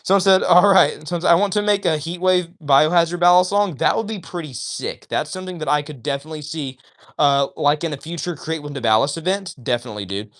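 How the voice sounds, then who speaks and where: A man hosts a casual livestream, speaking in a voice a little higher than most men's. He is chatty and upbeat, reads viewers' comments aloud and greets them by name. The sound comes through a phone microphone. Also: fast, a bit bright. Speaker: livestream host reading chat.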